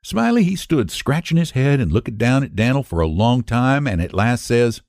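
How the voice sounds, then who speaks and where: A man's voice: mid-range voice, big pitch swings, normal speed, hardly any pauses, darkish tone, no room sound, studio quality. A man reading a classic short story aloud as host, telling it in a folksy rural dialect. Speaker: story reader.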